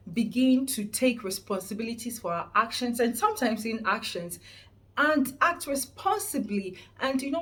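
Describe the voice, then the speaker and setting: A woman with a Ghanaian accent giving an earnest, preachy motivational vlog talk, stressing points and often restarting words. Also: fairly high pitch. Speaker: vlogger host.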